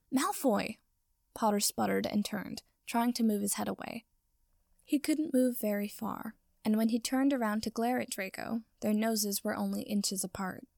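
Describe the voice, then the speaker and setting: A woman reads a story aloud in steady, even narration, at a middling pitch. Her voice carries a gravelly fry, and the sound is dry and close, with no room echo. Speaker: reader. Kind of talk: reading fan fiction aloud.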